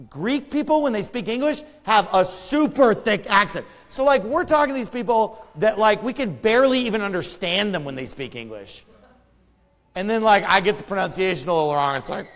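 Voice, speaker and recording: A man's voice: high-pitched, expressive, brisk, big-room sound. An American man preaching a sermon, emphatic and conversational, with asides and repeated words. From United States. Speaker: pastor.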